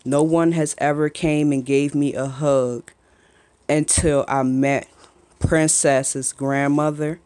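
A young woman speaks straight into her phone camera at home. Her talk is candid and emotional, full of halting restarts as she opens up as a mother. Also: low voice, steady tone, darkish tone. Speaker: mother vlogging. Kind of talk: emotional personal vlog. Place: home, just after a shower.

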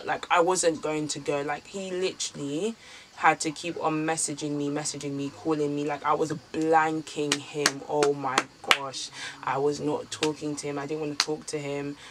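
A woman's voice: low-pitched, slight background noise. A young woman casually telling a personal story for her vlog, candid and chatty with lots of filler words. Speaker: vlogger.

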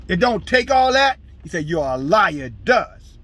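Fiery, husky preaching man. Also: sits high, sing-song, moderate pace, hardly any pauses. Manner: scolding, preaching in bursts, shouting scripture. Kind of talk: fiery street-style sermon.

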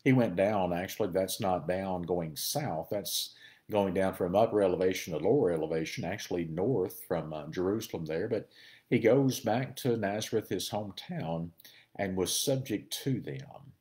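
A man with a deep, low voice teaches through a Bible passage in a relaxed, conversational sermon style. He pauses often and thinks aloud as he explains the verses.

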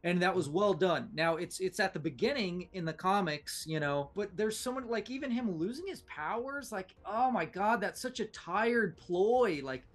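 Animated man arguing about superhero films. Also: sits high, normal speed, few pauses. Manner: animated, rambling, restarts a lot. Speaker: podcast co-host. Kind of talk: casual pop-culture debate.

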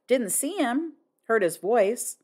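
A woman voicing a gruff middle-aged army major who talks in terse, clipped phrases with dropped words, in a storybook reading. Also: a little high, sing-song, takes it slowly, darkish tone, pitched above the performer's own voice, heavily acted. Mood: matter-of-fact.

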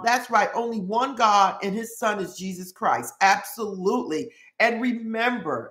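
A woman's voice: medium pitch, a bit bright. A woman hosting a casual live stream, reading viewer comments aloud and repeating greetings in a chatty way. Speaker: livestream host. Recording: roomy echoey room.

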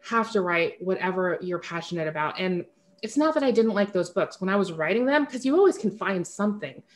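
Chatty, candid woman author. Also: on the low side. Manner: chatty, candid, frequent fillers and self-corrections; laughs at herself often. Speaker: author, interview guest. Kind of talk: casual interview conversation.

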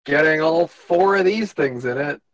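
A man playing a tabletop game, talking slowly and hesitantly, thinking aloud with many fillers. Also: a little high, a bit bright, dry recording, rough recording. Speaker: player.

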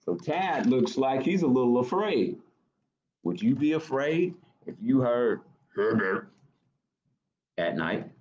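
A man reading picture books aloud at an unhurried pace, his voice animated and lively as he asks the children questions. The audio is dull and lo-fi, like a home stream. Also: medium pitch. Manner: gentle, engaging, asks kids questions. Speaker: library storytime host.

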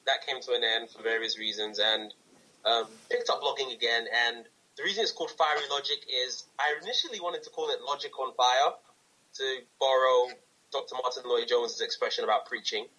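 A man's voice: medium pitch, slightly rough, poor audio. A man in his twenties from London with a London English accent, talking as a guest in a casual interview and telling stories with animation. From England. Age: 20s. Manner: animated storytelling, quick to laugh.

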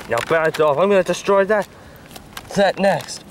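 Man with a high, swooping voice doing a bickering homemade hand skit, loud background noise. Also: normal speed. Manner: squabbling, whiny, bursts of shouting.

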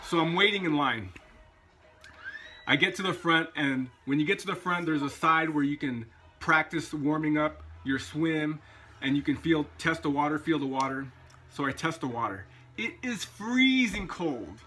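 Bright-voiced man telling a story. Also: a little high, moderate pace. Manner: chatty, anecdotal. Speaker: vlogger. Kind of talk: casual storytelling vlog.

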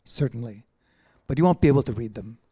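A man's voice: medium pitch, fast, warm tone, slightly rough, lightly acted. A man reading aloud and voicing a weary male poet who answers with dry, facetious understatement. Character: wry, weary male poet, gently ironic.

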